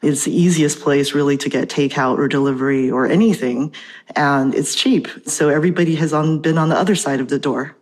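A woman professor and translator, explaining things clearly in an interview over a remote connection. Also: low-pitched, brisk, darkish tone. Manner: articulate, explanatory, reads poetry aloud. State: out of breath.

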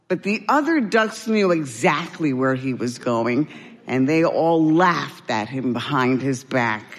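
A woman, an actor, reading a story aloud in a slow, gentle and expressive way. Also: rumbling low, long reverb tail.

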